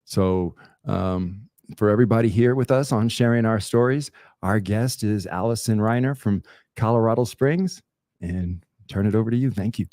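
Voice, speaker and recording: Male host, low mellow voice, friendly and chatty, dry close mic. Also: normal speed, no room sound. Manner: friendly, chatty, often restarting. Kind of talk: casual interview. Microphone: close studio microphone.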